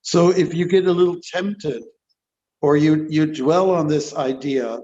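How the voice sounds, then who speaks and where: Animated monk giving a scripture class. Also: male voice, a little high, measured pace, highs cut off. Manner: animated, playful, acts out quotes. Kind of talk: lecture with storytelling.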